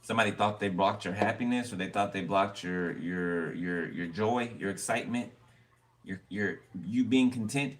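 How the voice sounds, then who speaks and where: A man's voice: fairly low pitch, moderate pace. A man giving a casual tarot reading, rambling and blunt with cards, swearing freely. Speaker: tarot reader. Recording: distant mic with background noise.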